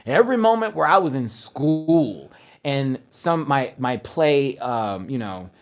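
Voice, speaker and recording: A man's voice: mid-range voice, slow. A man hosting a casual livestream, telling stories with energy and acting out other people's words. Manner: animated storytelling, acting out his mother's words. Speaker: host.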